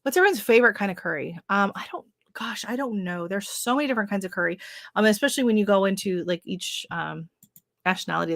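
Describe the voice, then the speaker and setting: A livestream host chats casually with viewers, greeting them by name and rambling with plenty of fillers. Her medium-pitched voice is fairly bright, captured cleanly on a studio-quality livestream setup with no room sound.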